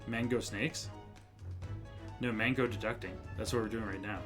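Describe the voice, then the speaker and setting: A man's voice: on the low side, steady tone, moderate pace. A male streamer chatting casually during a live stream, laughing easily and swearing now and then. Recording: game music behind voice.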